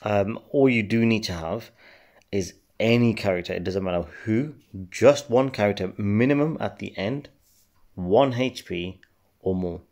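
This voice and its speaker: A man casually commenting on his mobile game play, relaxed and rambling with many fillers. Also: lowish voice, a little slow. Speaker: game channel host.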